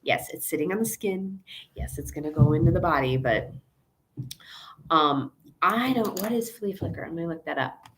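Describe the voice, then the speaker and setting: A woman's voice: deep voice, lively intonation, moderate pace, a little hiss or hum. A woman veterinarian hosting a casual live Q&A, chatty and rambling, with asides and acted-out quotes. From Chicago area, USA.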